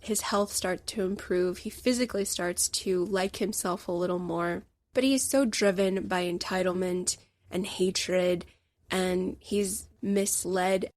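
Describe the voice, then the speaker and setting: A woman's voice: fairly low pitch, steady tone, unhurried, dry recording, studio quality. A woman hosting a podcast alone, chatting with her listeners in an enthusiastic, opinionated way. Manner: chatty, addresses listeners as guys. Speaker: podcast host. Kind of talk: casual solo podcast review.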